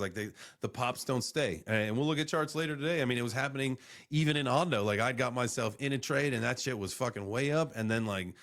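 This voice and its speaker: A man hosting a casual live crypto reaction stream, rambling and swearing as he reacts to clips. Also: mid-range voice. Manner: rambling, profane, animated.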